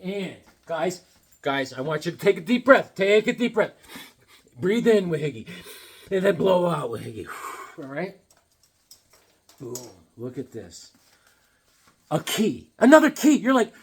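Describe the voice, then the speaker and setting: A man's voice: fairly high pitch, very animated, a little slow, breathy edge. A man hosting a casual comic book collecting vlog, playful and rambling with goofy jokes.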